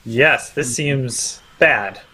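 A man's voice: mid-range voice, extremely slow, bright, forceful tone, husky. A man taking part in a tabletop role-playing game, polite and hesitant. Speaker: player.

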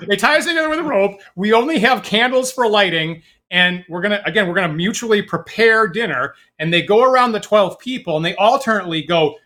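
Chatty man with a bright, high voice. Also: animated, a little fast, few pauses. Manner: rambling storyteller, many fillers and restarts. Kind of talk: casual conversation.

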